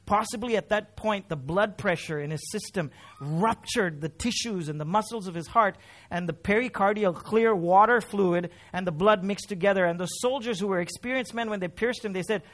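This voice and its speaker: High male pastor, emotional sermon delivery, swells and drops. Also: moderate pace. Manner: emotional, swells louder on key phrases then drops low. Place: church.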